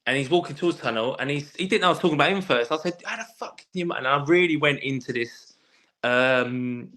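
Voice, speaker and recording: Male guest, rapid animated storyteller, bright forceful tone, swears a lot. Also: mid-range voice. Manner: animated storyteller, swears freely, many restarts. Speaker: guest, former footballer. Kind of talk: casual podcast chat.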